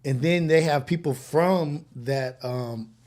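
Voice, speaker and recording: A man's voice: on the high side, takes it slowly, darkish tone. A man hosting a live morning show, talking in a loose, profane, casual way and laughing often. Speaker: host. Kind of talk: casual live-stream chat.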